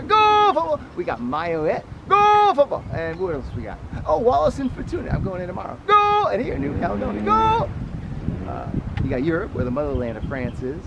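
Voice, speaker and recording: A man vlogging outdoors about sports travel, joking and breaking into loud chants. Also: fairly high pitch. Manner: excitable, jokey, jumps to loud chants. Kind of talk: casual travel vlog. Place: outdoors at a stadium, windy. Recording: loud wind noise on an outdoor mic.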